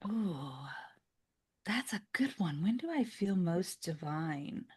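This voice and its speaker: An American woman with a slightly low voice, chatting as a guest over a video call. She talks in an animated way, laughs often, and sometimes drops to a soft near-whisper. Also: slow pace, slightly rough. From United States. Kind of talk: casual conversation.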